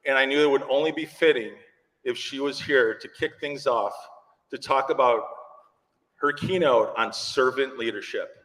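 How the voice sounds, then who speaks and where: A man hosting a conference, introducing the keynote speaker in an excited, joking and nervous way. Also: medium pitch, normal speed. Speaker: conference host. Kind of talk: event introduction. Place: large conference hall. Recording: long hall reverb.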